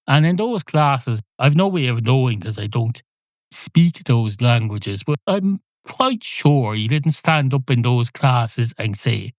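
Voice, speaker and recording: A man's voice: medium pitch, animated, slow, no echo. Irish male podcast host, comic mock-scolding monologue, dry close sound. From Ireland.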